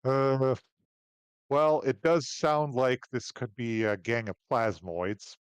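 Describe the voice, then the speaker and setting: A man running a tabletop game as game master, relaxed and hesitant, with many fillers. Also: medium pitch, slow pace, clear, resonant tone, no room sound.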